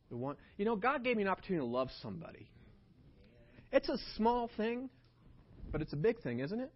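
A man preaching a sermon, telling a personal story in an animated way that swings between hushed and loud. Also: a little high, fast. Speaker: pastor. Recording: dull lo-fi sound.

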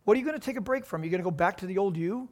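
Pastor, male, high-pitched; emphatic sermon delivery, rhetorical questions. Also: expressive, rapid-fire.

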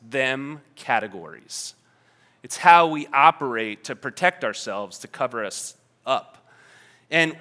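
A man's voice: on the high side, pushed and bright. A man preaching a sermon in a conversational, emphatic manner, with playful asides to the congregation. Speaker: pastor.

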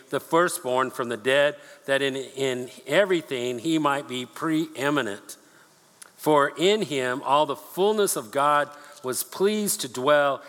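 A man preaching a sermon, earnest and repeating himself, slowing down to read scripture aloud. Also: mid-range voice, fairly bright tone. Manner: earnest, repeats words, slows for scripture reading. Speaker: pastor. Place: church sanctuary. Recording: long hall reverb.

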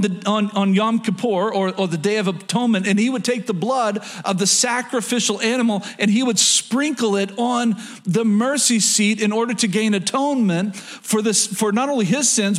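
A man preaching a sermon to his congregation, reading scripture and repeating phrases for emphasis. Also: extremely high pitch. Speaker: pastor. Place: church in front of a congregation.

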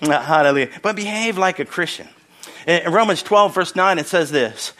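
Preaching as a visiting pastor, this Philadelphia-area man in his sixties keeps joking, exclaiming and calling out hallelujah. His voice is high-pitched, expressive and sharp in tone, at a moderate pace.

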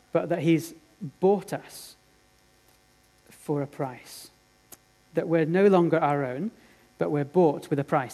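A man preaching a sermon, telling a story earnestly and dramatically, swinging from loud to hushed. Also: fairly high pitch.

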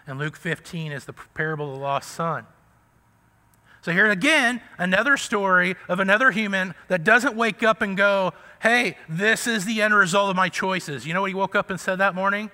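Man, pastor, conversational sermon, fairly high voice, long hall reverb. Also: normal speed, sharp tone. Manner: conversational preaching, keeps asking "right?". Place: church sanctuary.

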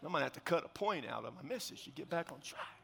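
Pastor, male, high bright voice, animated storyteller who acts out the scenes, preaching in a long-reverb church hall. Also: quick pace, gravelly, slightly rough. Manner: drops to hushed tones for solemn points. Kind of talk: sermon.

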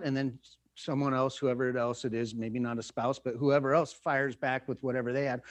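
A middle-aged man preaching in a relaxed, conversational way, joking and laughing at himself often. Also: medium pitch, moderate pace. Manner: playful, self-mocking, jokes and laughs often. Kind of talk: conversational sermon.

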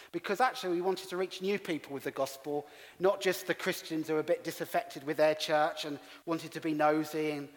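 A middle-aged English man preaching as a pastor, telling stories with self-deprecating humour. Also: a little high. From England. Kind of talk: sermon. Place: church hall. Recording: long reverb of a church hall.

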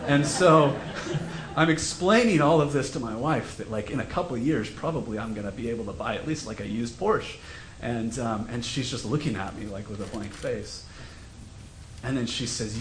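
A man's voice: medium pitch, moderate pace, roomy sound, slight background noise. A male pastor preaching a sermon in a conversational, storytelling way. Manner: conversational, self-deprecating storytelling. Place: church sanctuary.

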